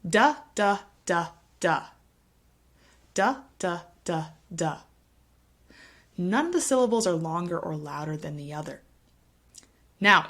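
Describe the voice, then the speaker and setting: A woman teaching English pronunciation to camera, speaking clearly and patiently and tapping out rhythms to demonstrate. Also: medium pitch. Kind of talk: explaining a language lesson to camera.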